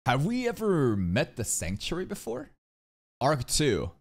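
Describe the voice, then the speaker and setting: A man streaming an anime reaction, excitable and swearing freely, firing off exclamations and rhetorical questions. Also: a little high, a little slow. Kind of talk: live reaction commentary.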